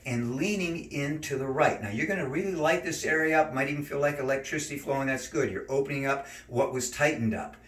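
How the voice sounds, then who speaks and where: A man teaching neck and shoulder stretches, giving calm step-by-step cues and slow breathing counts. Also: mid-range voice, far from the mic. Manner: calm, cueing slow breathing and gentle moves. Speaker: stretching instructor. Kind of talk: exercise demonstration. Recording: roomy, from off mic.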